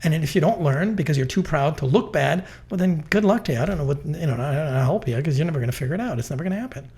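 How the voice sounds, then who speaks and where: A man's voice: fairly high pitch, very fast. A middle-aged man, a real estate network executive, telling stories bluntly and emphatically in a business interview. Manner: emphatic, blunt, lively storytelling.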